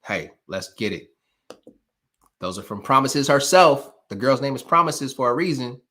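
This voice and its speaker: This man has a medium-pitched, expressive voice, pushed and bright, at a normal speed. Hosting a live stream, he delivers a motivational pep talk full of emphatic, preacher-like repetition. His manner is casual, and he speaks straight to his viewers.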